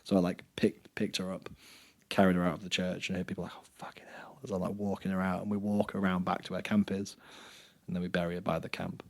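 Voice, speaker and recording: Man, slightly low voice, casual storytelling, goes quiet for sad moments, loud when joking. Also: little pitch movement, fast talker. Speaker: podcast host recounting a live-action role-play game.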